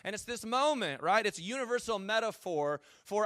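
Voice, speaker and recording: Male pastor with a high, crisp voice, preaching casually with jokes; dry, close sound. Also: expressive, a little fast, few pauses, fairly bright tone, dry recording. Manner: casual, joking, asks the audience questions. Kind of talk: conversational sermon.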